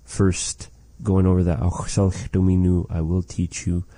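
A man teaching a language lesson, saying phrases slowly and carefully and repeating them for learners. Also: low voice, flat delivery, mellow, no echo.

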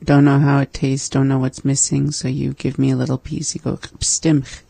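A relaxed language learner chats through a lesson and repeats new words back. The voice is gravelly and dark, slow and flat in pitch. It is recorded close and dry. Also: no room sound. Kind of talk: casual lesson chat.

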